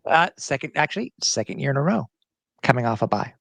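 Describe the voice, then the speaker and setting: Brief: male podcast host, mid-pitched, chatty and loose, stops and restarts a lot, dry close mic. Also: very animated, fast, creaky, fairly bright tone, dry recording. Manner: chatty, with frequent restarts and fillers. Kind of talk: casual sports podcast chat.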